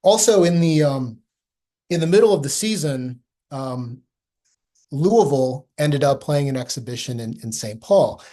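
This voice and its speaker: A man's voice: medium pitch, animated, unhurried, dark tone. Man giving a casual history talk. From Omaha, Nebraska, US Midwest. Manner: conversational, with frequent ums and restarts. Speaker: presenter at a history society chapter meeting. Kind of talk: informal history lecture with slides.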